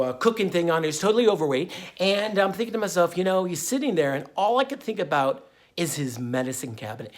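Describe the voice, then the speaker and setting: A man hosting his own diet vlog, talking in a folksy, meandering way full of fillers and drifting off topic. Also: on the high side. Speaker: vlogger and diet channel host. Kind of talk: rambling casual monologue.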